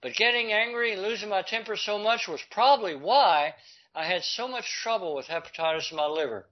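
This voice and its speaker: An older man tells a personal story with a high voice. He is animated and acts out the people he quotes. The recording sounds dull and lo-fi. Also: brisk.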